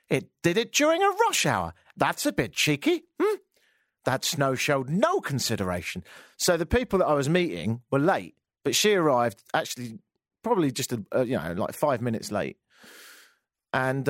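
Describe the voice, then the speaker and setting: A man telling a stand-up comedy story, with sarcastic, deadpan asides. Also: medium pitch, no room sound, studio quality.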